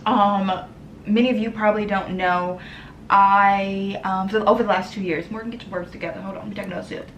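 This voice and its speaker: A woman's voice: mid-range voice, steady tone, a little fast. A young woman vlogger talking earnestly to camera in a casual, heartfelt way, with lots of ums and a tearful edge. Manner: earnest, many ums, emotional and tearful at times. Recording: roomy echo with faint background noise.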